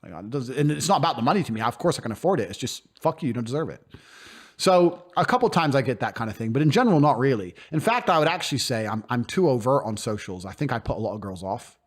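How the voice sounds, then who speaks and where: Blunt and emphatic, this podcast guest swears freely during a casual interview and frequently impersonates other people's voices when quoting them. He talks quickly in a sing-song, mid-range voice, with hardly any pauses.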